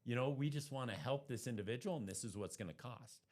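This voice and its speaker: A man's voice: medium pitch, quick pace. A man, a guest on a business podcast, telling stories and acting out his own thoughts as he talks. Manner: animated storyteller acting out his own inner voice. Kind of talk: storytelling interview talk.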